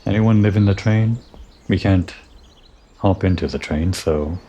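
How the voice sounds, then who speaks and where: A man giving relaxed, musing commentary over a game playthrough, thinking aloud and talking to the character he plays. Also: low-pitched, a little slow, slightly rough, highs cut off. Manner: musing, talks to himself and the character. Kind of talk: relaxed let's-play commentary.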